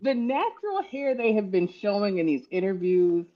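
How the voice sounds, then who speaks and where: A woman's voice: mid-range voice, sing-song, moderate pace. A woman with a mid-range voice talks expressively, slipping into little acted quotes as she makes her point. The audio is somewhat dull and lo-fi, like a streamed call. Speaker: podcast co-host. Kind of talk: casual chat.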